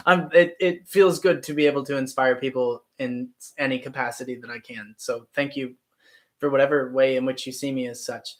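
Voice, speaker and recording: Speaking at a moderate pace in a mid-range, fairly bright voice, a young Midwesterner from Ohio chats casually on his YouTube livestream. He's thoughtful, rambling and restarting often as he works through ideas.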